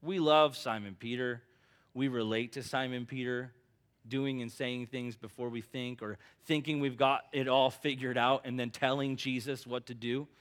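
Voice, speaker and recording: A man's voice: mid-range voice, fairly even intonation, moderate pace, a bit bright. A male pastor preaching a sermon in an earnest, emphatic, conversational way.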